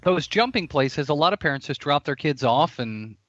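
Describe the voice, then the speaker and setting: A man's voice: on the high side, animated, moderate pace, fairly bright tone, no room sound. A man in his late thirties dropping dry, matter-of-fact comments in a casual chat. The recording is dead and slightly muffled. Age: late 30s. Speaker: podcast co-host.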